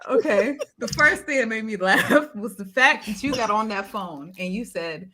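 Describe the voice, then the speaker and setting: A woman joining a casual group chat, expressive and quick to laugh. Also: fairly high pitch.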